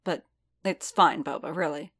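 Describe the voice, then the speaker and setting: A woman voicing a weary, guarded male warrior who talks haltingly and corrects himself. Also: low-pitched, lively intonation, gravelly, fairly bright tone, husky, exaggerated voice. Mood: hesitant. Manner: hesitant, halting, self-correcting.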